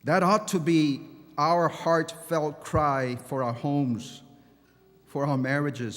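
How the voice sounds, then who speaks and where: High-voiced male pastor preaching. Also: steady tone, takes it slowly, slight background noise. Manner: impassioned preaching with repetitions and restarts. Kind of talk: sermon. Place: large church hall. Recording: long church hall reverb.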